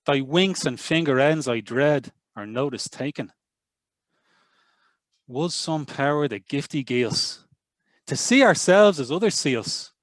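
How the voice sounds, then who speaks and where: A man's voice: a little high, no echo. Dublin man reciting verse. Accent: Northside Dublin. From Ireland. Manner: lively, rhythmic verse recital. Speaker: university lecturer. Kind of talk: poetry reading. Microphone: video call.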